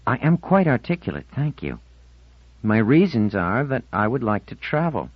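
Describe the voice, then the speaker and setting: An earnest, wistful fifteen-year-old girl, as a male narrator lifts his voice well above his own pleads and insists in a lively, rising voice. The audiobook sound is dull and lo-fi, close and dry. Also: mid-range voice, normal speed, breathy edge, no echo, pitched above the performer's own voice. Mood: frustrated.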